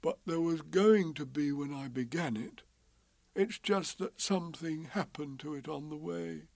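A man voicing a slow, gentle, dreamy male bear in a storybook, speaking softly and ponderously. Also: fairly high pitch, dry recording, pitched above the performer's own voice.

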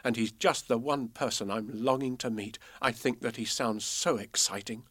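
A man reading children's poems and a storybook aloud in a measured, expressive way. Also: medium pitch, no room sound. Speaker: narrator.

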